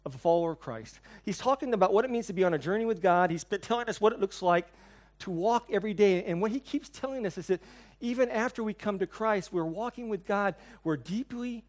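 A male pastor preaching a sermon to his congregation, telling a personal story earnestly and dropping to hushed tones on key lines. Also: high voice. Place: church hall before a congregation.

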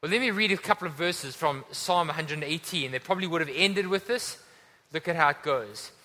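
A pastor preaches earnestly to a church congregation, urging his listeners on. His voice is high-pitched, brisk, bright and forceful, and the church hall recording carries long reverb.

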